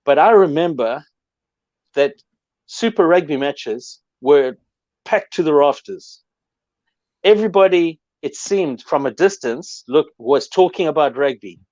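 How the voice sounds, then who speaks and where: A man's voice: a little high, lively intonation, unhurried, a little mellow, no echo, dull audio. A middle-aged man recalling rugby history in a reflective, storytelling way, with many fillers, on sports radio.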